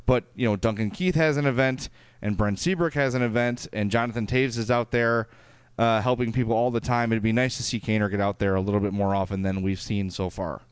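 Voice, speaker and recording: A man's voice: lowish voice, steady tone, brisk, clear, resonant tone, dry recording. A man with a Chicago accent co-hosting a casual podcast, reading listener emails aloud with plenty of fillers. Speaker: podcast co-host.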